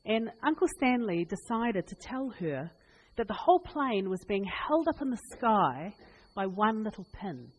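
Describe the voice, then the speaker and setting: A woman's voice: mid-range voice, a little slow, slight background noise. New woman preaching in a hall. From New Zealand. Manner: animated, laughing, chatty anecdotes. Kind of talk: humorous storytelling sermon. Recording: long reverb in a hall.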